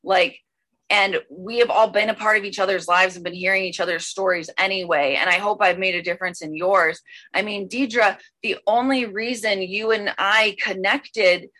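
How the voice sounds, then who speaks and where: A woman telling a personal recovery story at an online meeting, rambling with many fillers and bursts of excited speed. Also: mid-range voice, normal speed. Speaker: speaker sharing a recovery story.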